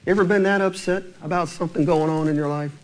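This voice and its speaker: A man's voice: a little high, steady tone, fast. A male pastor preaching a sermon, asking his congregation rhetorical questions.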